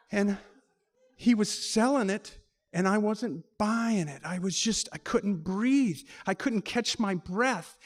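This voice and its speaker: High-voiced man telling a story. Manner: vivid, acts out dialogue, short punchy lines. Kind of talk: personal story told live on stage.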